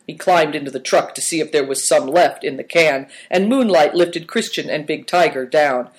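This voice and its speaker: Man narrating a story, slightly high voice. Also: moderate pace, hardly any pauses. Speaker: audiobook narrator.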